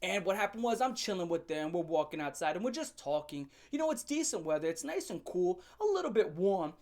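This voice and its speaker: A man's voice: high-pitched, sing-song, brisk, a little mellow. A young man vlogger telling a storytime rant in a brash, joking and crude way.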